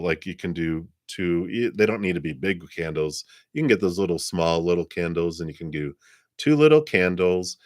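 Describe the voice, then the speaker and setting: A very deep-voiced man chats through a live psychic reading, his delivery loose and rambling with soft laughs and plenty of ums. The sound is close and dry, with no room around it. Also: no room sound. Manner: rambling, gentle, laughs often, many fillers. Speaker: psychic reader. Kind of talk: live-stream reading, casual chat.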